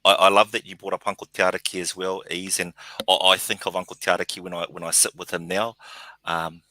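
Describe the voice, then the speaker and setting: Very deep, bright-toned New man. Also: flat delivery, fast talker, no echo. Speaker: guest. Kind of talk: casual chat.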